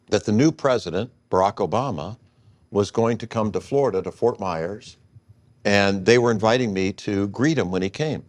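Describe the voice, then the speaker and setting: A man in his sixties telling a long personal story in an interview, acting out the dialogue he quotes. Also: on the low side. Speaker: guest.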